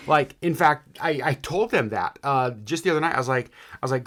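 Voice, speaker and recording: A man co-hosting a casual podcast, telling stories in a rambling, animated way with many restarts. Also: on the high side, brisk. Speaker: podcast co-host. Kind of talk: casual chat. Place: home podcast setup in Alaska.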